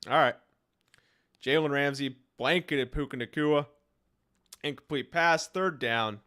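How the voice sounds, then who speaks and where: A young man streaming live play-by-play reactions to a football game, calling the action and reacting excitedly, his voice starting to wear out. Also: fairly high pitch, measured pace. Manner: excited commentary, reacting aloud to plays.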